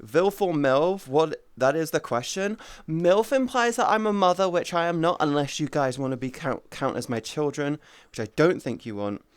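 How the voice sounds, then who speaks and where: A woman in her early thirties streaming casual chat with viewers, playful and teasing, jumping from high squeals to low mutters. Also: normal speed, clear, resonant tone, no room sound. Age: 30s.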